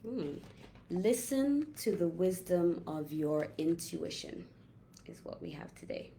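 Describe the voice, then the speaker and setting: A woman holistic health coach giving a gentle, reflective talk with slow, drawn-out pauses. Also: on the low side, animated, vocal fry, slight background noise. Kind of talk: casual inspirational talk.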